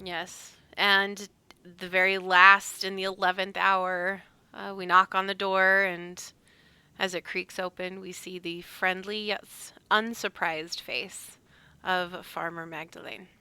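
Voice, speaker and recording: A woman co-hosting a casual recap chat as game master, animated and laughing often, with many fillers. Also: lowish voice, slow pace, smooth. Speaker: podcast co-host and game master.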